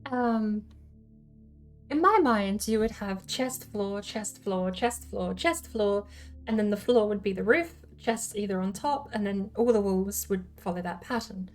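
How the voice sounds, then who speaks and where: A woman's voice: mid-range voice, a little slow, soft background music. A woman hosting a casual livestream, thinking aloud as she explains her game build ideas. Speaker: streamer host.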